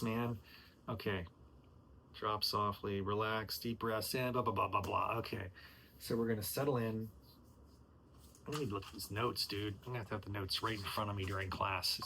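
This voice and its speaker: A man hosting his own podcast, practicing how to lead a chair yoga class, with slow soothing cues broken by frustrated, joking asides where he swears and says "dude.". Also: lowish voice, bright, forceful tone, a little hiss or hum. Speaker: podcast host rehearsing as yoga instructor.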